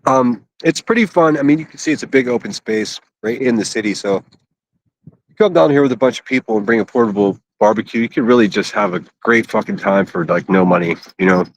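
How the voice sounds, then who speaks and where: A man's voice: fairly low pitch, a little fast, a little hiss or hum. A man from Pittsburgh chatting casually and a bit crudely on a phone livestream from an outdoor city park. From Pittsburgh, USA. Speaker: IRL livestreamer.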